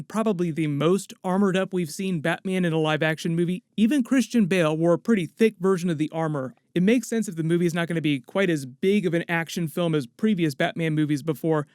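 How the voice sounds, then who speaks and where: A man's voice: high voice, a little mellow, no echo, studio quality. A man hosting an online movie news show, breaking down rumors in a chatty, enthusiastic way. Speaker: host of a movie news channel.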